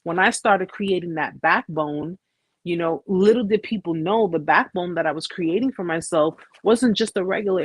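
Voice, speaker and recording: A woman's voice: lowish voice, normal speed, slightly rough, no room sound. An American woman hosting a live chat, telling her story in a casual, blunt way with slang and frequent restarts. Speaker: host.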